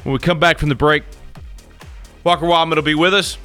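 A man's voice: a little high, fairly even intonation, fairly quick, pushed and bright, soft background music. A man co-hosting a talk radio show, upbeat and jokey, with frequent restarts. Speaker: radio co-host. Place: home radio studio.

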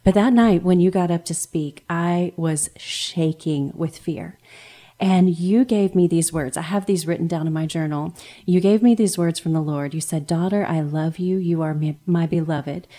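A woman's voice: lowish voice, moderate pace, mellow. A woman, probably in her thirties, hosting a heartfelt faith conversation and telling a personal story earnestly and with emotion.

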